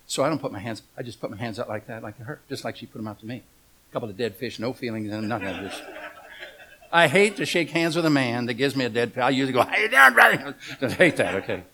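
A man's voice: medium pitch, a bit bright. A middle-aged man preaching a humorous storytelling sermon, folksy and joking, asking the congregation questions.

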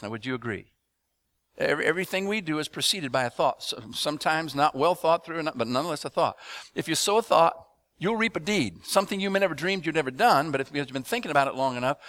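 A man preaching a sermon to a congregation, asking them to respond and building up rhythmic repeated phrases into loud emphatic bursts. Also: on the high side, no room sound. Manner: addresses congregation with call-and-response questions.

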